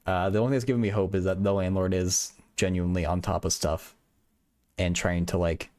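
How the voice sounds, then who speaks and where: A man's voice: low-pitched, little pitch movement, brisk, a little mellow, dry recording. A young man hosting a livestream, chatting casually with viewers, stuttering and repeating words, from a small apartment bedroom. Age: young adult. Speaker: livestream host.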